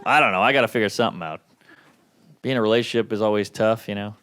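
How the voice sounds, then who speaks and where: A man doing a stand-up comedy set with a wry, self-deprecating delivery, swinging between low mutters and sudden high outbursts. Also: rapid-fire, fairly bright tone. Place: comedy stage before a laughing audience.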